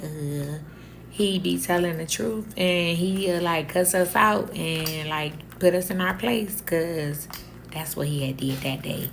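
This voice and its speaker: Gravelly-voiced woman telling a candid story. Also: low-pitched, measured pace, background noise. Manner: candid, animated, acts out quoted dialogue. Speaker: storyteller vlogger. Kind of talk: casual storytime monologue.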